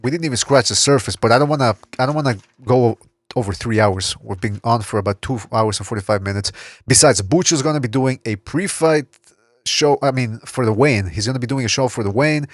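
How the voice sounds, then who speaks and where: A man hosting a boxing podcast in casual chat, blunt and quick to swear and laugh. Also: medium pitch, no echo, clean studio sound. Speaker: podcast host.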